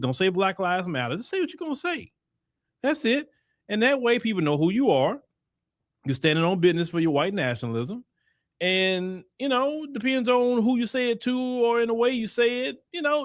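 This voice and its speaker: A man's voice: sits high, dry recording, studio quality. A man with a Texan accent hosting a commentary monologue, emphatic and preachy, mocking the voices he quotes. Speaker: host.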